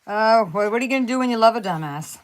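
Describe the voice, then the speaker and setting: A woman's voice: fairly high pitch, expressive, fast talker, slight background noise. A middle-aged woman hosting a craft livestream, chatting casually with viewers in a rambling way, with blunt, jokey asides and mild swearing. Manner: rambling, chatty, searches for words and restarts.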